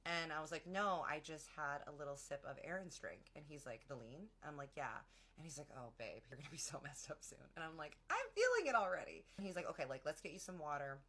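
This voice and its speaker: A young woman casually telling a long personal story, chatty and slangy, acting out what everyone said. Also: low-pitched. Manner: chatty, animated, acts out quotes of friends; slangy, many "like"s.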